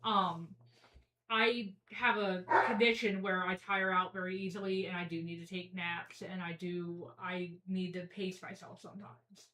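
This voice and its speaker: Woman, podcast guest, casual chat, frank, blunt, swearing, bright tone. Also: lowish voice, flat delivery, measured pace, roomy sound, far from the mic, rough recording.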